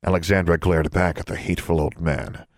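A man narrating a story in a steady, measured read. His voice is very low and deep. The recording is close and dry, with no room sound. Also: no echo. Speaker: audiobook narrator. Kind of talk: scripted narration.

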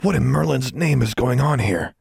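A man's voice: mid-range voice, expressive, moderate pace, creaky, a little mellow, husky, no room sound, voice pushed up, full character voice. A man voicing a middle-aged school custodian who speaks in a dry, teasing, stern way.

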